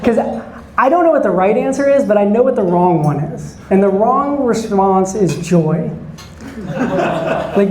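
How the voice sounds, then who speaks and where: A man's voice: high-pitched, a little mellow, roomy sound, poor audio. A man in his forties doing a stand-up set, chatting and bantering with the audience from a club stage. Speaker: stand-up comedian. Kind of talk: stand-up set with crowd work.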